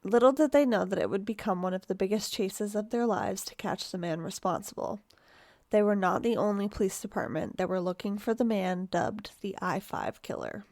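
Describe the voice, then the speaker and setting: A woman narrates a true-crime case for a podcast in a loose, conversational way. Her voice sits at an ordinary middle pitch. The sound is dry and close. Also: normal speed, a little mellow, no room sound. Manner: chatty, reads quotes aloud, laughs, swears casually. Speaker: podcast co-host.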